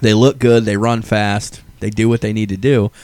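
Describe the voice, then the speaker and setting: A man's voice: on the low side, steady tone, normal speed, darkish tone, clear, resonant tone, no room sound. A man hosting a casual podcast chat, opinionated and ranting, laughing often. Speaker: podcast host.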